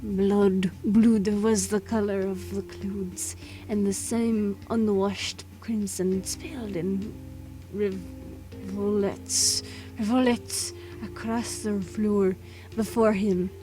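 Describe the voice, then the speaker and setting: Woman doing a spooky slow thriller writer reading his book, all hushed. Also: fairly high pitch, fairly even intonation, faint music behind. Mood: grim. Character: grim crime novelist reading his dark thriller aloud.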